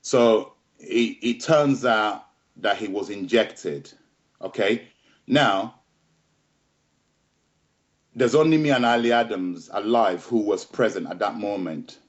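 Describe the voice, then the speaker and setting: A man's voice: lowish voice, slow, pauses often. Emphatic middle-aged man telling a story. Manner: emphatic, repeats and restarts phrases, keeps checking in with "yeah?". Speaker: boxing trainer and interview guest. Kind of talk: conversational storytelling interview. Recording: slightly dull lo-fi audio.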